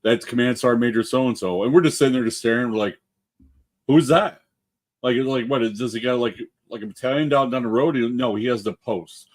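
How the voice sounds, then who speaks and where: A man's voice: medium pitch, steady tone, quick pace, few pauses. A man co-hosting a casual veterans' talk show, telling profane barracks stories and doing the voices in them. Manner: profane, anecdotal, acts out quoted voices. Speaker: co-host. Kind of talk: casual bar chat.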